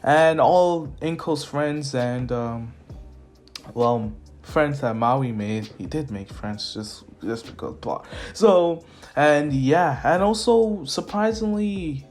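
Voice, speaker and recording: A man's voice: on the high side, takes it slowly, a little mellow. A man casually retelling a fan what-if story, rambling, chuckling and correcting himself. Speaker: YouTube storyteller. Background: faint lo-fi music.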